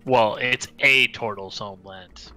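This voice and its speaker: Player at a d&d table, man, bright tone, quippy. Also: lowish voice, measured pace, soft background music. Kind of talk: tabletop role-play banter.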